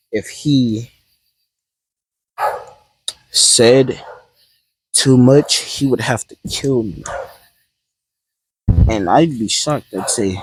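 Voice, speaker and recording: A man's voice: medium pitch, a little mellow, slightly rough, rough recording. A man casually telling a fan-fiction story in a rambling, hesitant way, often correcting himself.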